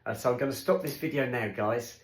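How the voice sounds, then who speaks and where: Unpacking groceries in his kitchen, a man chats casually on his home vlog, rambling and talking to his dogs. His voice is medium-pitched and fairly quick, and the room sounds echoey.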